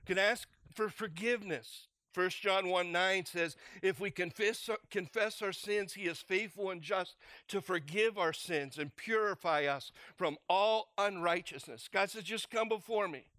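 A middle-aged male pastor giving an earnest, conversational sermon and acting out quoted prayers with lively emphasis. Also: sits high, measured pace, no echo.

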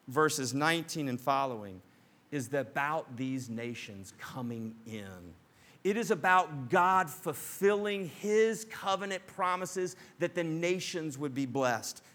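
Male pastor, middle-aged, sermon, lively and conversational, acts out quotes, bright and forceful tone, slightly high voice.

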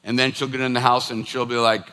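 A man preaching a sermon, telling stories in an animated, conversational way. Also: medium pitch, fast talker, clear, resonant tone. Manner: animated storytelling, acts out scolding his dog.

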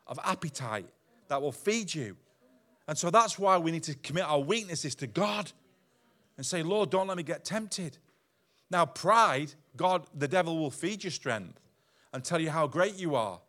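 A man preaching a sermon as pastor to his church, animated, swinging from loud emphatic lines down to quiet asides. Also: on the high side. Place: church hall.

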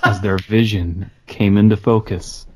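A man's voice: on the low side, fairly even intonation, measured pace. A man co-hosting a podcast, reading a creepy story aloud with wry jokes and frequent laughter. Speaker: podcast co-host.

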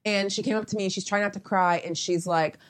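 A woman's voice: mid-range voice, steady tone, fast. A young adult woman, a photographer as interview guest, chatting casually and meandering with lots of asides.

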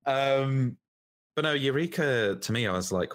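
A man's voice: mid-range voice, expressive, unhurried. A man co-hosting a podcast, chatting casually and bluntly, often cutting in. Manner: talks over his co-host, blunt opinions. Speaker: podcast co-host. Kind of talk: casual chat.

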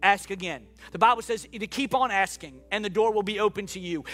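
High, bright-voiced preacher man, impassioned. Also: a little fast, hardly any pauses, soft background music. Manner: builds from quiet reflection to impassioned shouting. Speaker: pastor. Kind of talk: sermon. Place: church hall with live and online congregation.

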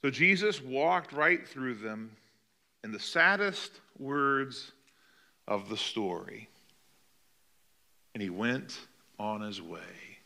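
A male pastor delivering a sermon with a bright, forceful voice. He preaches dramatically, swinging between loud emphatic lines and quiet, hushed ones as he acts out the quotes. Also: mid-range voice, lively intonation, slow, gravelly, pauses often.

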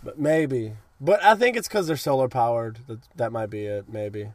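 A young man in casual chat, excitedly retelling cartoon scenes and acting out lines in goofy voices. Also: medium pitch, moderate pace, no room sound. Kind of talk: casual episode recap chat.

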